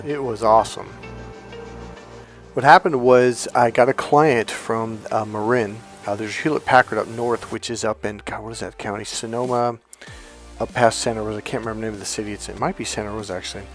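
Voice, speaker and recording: A man with a middle-pitched voice tells a personal story in a relaxed, rambling way. He swears casually and often stops to correct himself. A faint music bed sits quietly under his voice. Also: moderate pace. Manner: rambling, self-correcting, swears casually, acts out past dialogue. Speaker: dating and relationship coach.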